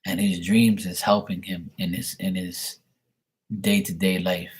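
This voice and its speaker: A man's voice: deep voice, flat delivery, measured pace. A young man doing a live tarot reading on camera, relaying messages in a rambling way full of fillers. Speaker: tarot reader. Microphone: webcam at desk.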